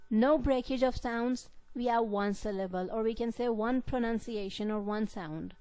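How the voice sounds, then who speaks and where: Slow, dry-voiced woman lecturer. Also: a little high, steady tone, a little mellow, clear, resonant tone, no room sound, low-quality recording. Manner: slow and deliberate, repeating key words. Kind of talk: classroom lecture.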